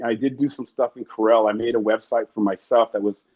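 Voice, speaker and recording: A husky-voiced man rattles through his stories at a quick clip, rambling and swearing as he acts out the people in them. The sound is a bit muffled and lo-fi, like a modest interview recording. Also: medium pitch, fairly even intonation. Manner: rambling, profane, acts out quotes. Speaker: interview guest. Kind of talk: casual storytelling.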